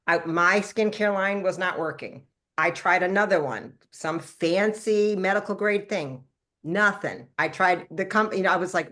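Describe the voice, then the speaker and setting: A woman in her fifties with a slightly low speaking voice tells a personal story. She is animated and quick, and her voice jumps higher whenever she acts out what she or others said. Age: 50s. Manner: animated storytelling, acting out her own past lines in a higher voice. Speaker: product formulator and brand promoter. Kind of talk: testimonial talk to a live call.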